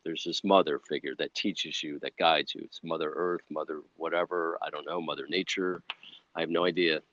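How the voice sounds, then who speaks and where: A man guest telling a long personal story in a casual interview, rambling and animated with many asides. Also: a bass voice, brisk, no room sound, lo-fi sound. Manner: rambling, animated, full of "you know" asides.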